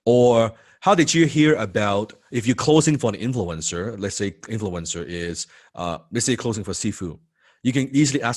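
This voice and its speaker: A man's voice: fairly low pitch, normal speed. A man teaching a sales training lesson, repeating key points and acting out what prospects say. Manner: animated, repeats key phrases, acts out prospects' replies.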